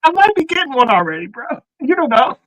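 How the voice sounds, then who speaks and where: A man jokes and swears through casual banter, and his pitch swings widely as he talks. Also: sing-song, fast talker, fairly bright tone, lo-fi sound. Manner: joking, profane banter. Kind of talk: casual chat.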